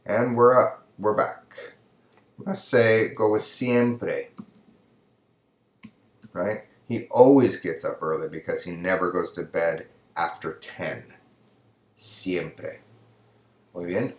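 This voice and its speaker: Slow-talking man teaching Spanish grammar. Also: deep voice, roomy sound. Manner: patient, explains step by step in English and Spanish. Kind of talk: recorded classroom lesson.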